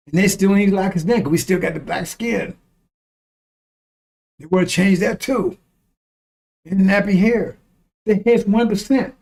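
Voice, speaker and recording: A man's voice: high voice, vocal fry, a little mellow. A man giving a blunt, profane, preaching-style monologue, repeating lines for emphasis and chuckling between remarks. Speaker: online commentator.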